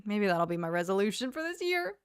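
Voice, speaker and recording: A woman's voice: medium pitch, sing-song, quick pace, a little hiss or hum. A young woman hosting a casual livestream, chatting in a bubbly way as she reads comments, laughing often and humming to herself between thoughts. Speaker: livestream host. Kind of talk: casual chat reading live comments.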